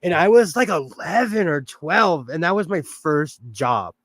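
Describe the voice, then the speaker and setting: A man's voice: a little high, lively intonation, unhurried, a bit bright, no room sound. A man hosting a casual sewing livestream, chatting, laughing often and reading viewer comments aloud. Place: home sewing room.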